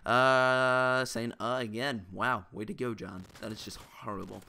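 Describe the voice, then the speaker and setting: A man's voice: mid-range voice, steady tone, unhurried, vocal fry, pushed and bright. A young man giving casual, rambling gameplay commentary, often joking at his own expense. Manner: rambling, self-mocking, restarts often. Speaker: gaming YouTuber.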